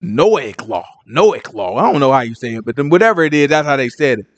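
A man teaching Bible study in casual, animated commentary, full of slang and "you know what I'm saying". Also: a little high, rapid-fire, highs cut off. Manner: animated and joking.

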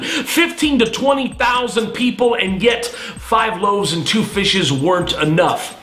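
A man's voice: high-pitched, a bit bright. A man who is a minister, giving an impassioned, emphatic testimony sermon. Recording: roomy echo.

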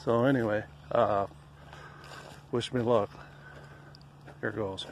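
A man's voice: fairly low pitch, steady tone, creaky, slight background noise. A man chatting while walking outdoors in a wooded park, rambling and self-deprecating, a bit out of breath. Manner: self-deprecating, rambling, sings folk song slowly. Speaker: vlogger. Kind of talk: casual walking vlog with singing. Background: faint outdoor ambience.

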